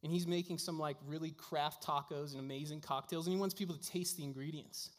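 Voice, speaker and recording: A man's voice: a little high, fairly even intonation, a little fast. A man preaching a sermon as a pastor, telling stories in a casual way with lots of fillers. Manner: casual storytelling with frequent fillers. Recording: long hall reverb.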